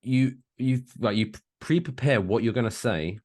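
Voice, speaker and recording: A man's voice: medium pitch, normal speed, a little mellow. A man in his thirties co-hosting a podcast, rambling and joking crudely in casual chat. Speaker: podcast co-host.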